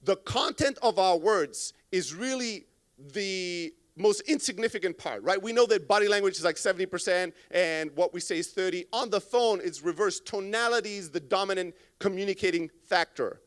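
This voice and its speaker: Blunt, animated man giving a talk on stage. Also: high voice, normal speed. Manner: blunt, profane, animated, acts out callers. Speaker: conference speaker. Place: conference stage. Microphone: stage microphone.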